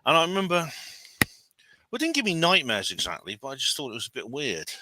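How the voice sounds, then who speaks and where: A man hosting a casual chat show, telling stories in an animated way and laughing as he goes. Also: mid-range voice, a little fast, noisy background.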